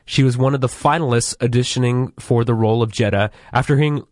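A man's voice: medium pitch, fast talker, darkish tone, no echo, clean studio sound. A man co-hosting a podcast, recapping episode plots in a wry, chatty way with frequent hedges. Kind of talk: casual chat.

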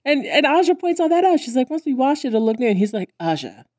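Animated woman acting out cartoon lines. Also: sits high, fast talker, dry recording, clean studio sound. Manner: animated, acts out characters' lines in voices. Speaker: podcast co-host. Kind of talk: casual chat recapping a cartoon.

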